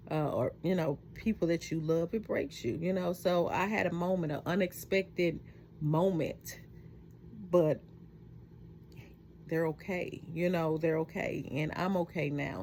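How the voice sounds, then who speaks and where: A middle-aged woman talking heartfelt and reflective in a personal vlog at home at night, halting often with fillers. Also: deep voice, a little mellow, a little hiss or hum. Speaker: vlogger.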